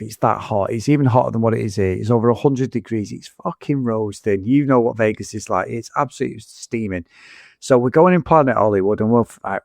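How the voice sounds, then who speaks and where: A man's voice: lowish voice, darkish tone, dry recording, clean studio sound. A man co-hosting a podcast, telling a rambling, sweary anecdote in casual chat. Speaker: podcast co-host.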